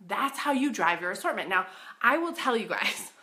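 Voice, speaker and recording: A woman coaching boutique owners in a casual live stream, bubbly and excitable, chatty and full of "like.". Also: medium pitch, moderate pace. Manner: chatty, says "like" often.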